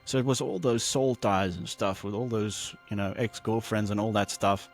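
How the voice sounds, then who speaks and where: Man, podcast guest, personal testimony, lively retelling, acts out quotes, faint music behind. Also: lowish voice, moderate pace. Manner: animated, acts out quoted voices, many fillers.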